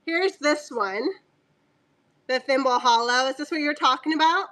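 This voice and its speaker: A woman's voice: high-pitched, moderate pace, bright, forceful tone. A woman selling fabric on a casual live stream, chatty and joking, laughing often and talking aside to her dog.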